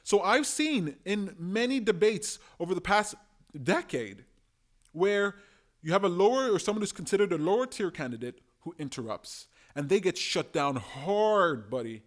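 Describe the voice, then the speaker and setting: Animated man giving political commentary. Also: sits high, moderate pace. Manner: animated, emphatic, acts out quoted voices. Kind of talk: casual monologue commentary.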